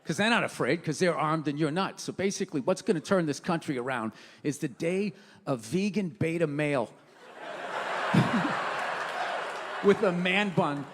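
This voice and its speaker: A man's voice: a little high, animated, a little slow, long pauses. A male stand-up comedian on a stage mic, telling profane, ranting stories in his own routine. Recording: reverberant hall with faint room noise.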